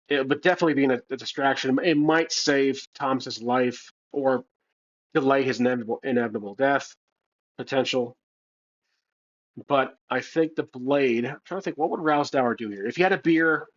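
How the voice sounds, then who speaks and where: A man with a mid-range voice narrates his own solo tabletop adventure at a moderate pace, thinking aloud with hesitations and restarts. It's casual solo role-play narration, and the recording has a slightly dull, lo-fi sound.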